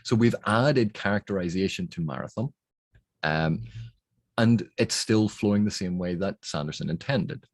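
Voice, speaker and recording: A man's voice: low-pitched, normal speed, no room sound. A man explaining editing techniques on a novel's text, thinking aloud in a methodical way. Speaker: book reviewer.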